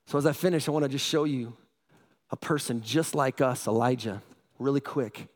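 A middle-aged male pastor preaching a sermon, energetic and often asking the congregation questions. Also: medium pitch, normal speed.

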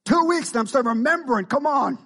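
Husky-voiced preacher man, call-and-response. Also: very high-pitched, lively intonation, a little fast, sharp tone. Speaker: pastor. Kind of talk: sermon.

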